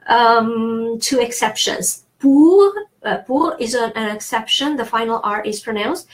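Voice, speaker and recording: A woman with a French accent giving a pronunciation lesson, explaining rules step by step with frequent fillers. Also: fairly high pitch. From France. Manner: explanatory, thinks aloud with fillers and restarts. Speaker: French teacher.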